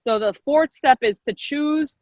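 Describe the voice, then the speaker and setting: Over a video call's dull, lo-fi audio, a young woman leads a live online class for girls from her computer mic. Her voice sits high with a darkish tone and comes a little slow on a dry recording. She stays upbeat and encouraging, repeating herself and laughing often.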